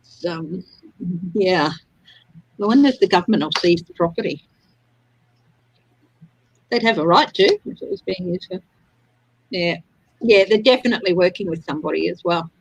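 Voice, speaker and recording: A woman's voice: fairly low pitch, animated, moderate pace, pauses often, husky, low-quality recording. A woman from Australia hosting a casual tarot reading livestream, chatting and laughing often. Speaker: tarot reader livestream host.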